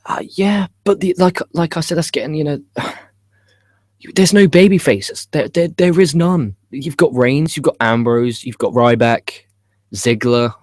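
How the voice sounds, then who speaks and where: A man's voice: fairly high pitch, unhurried, dry recording, studio quality. A man hosting a casual live stream, rambling through opinionated, profane commentary full of restarts and swearing. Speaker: wrestling show host.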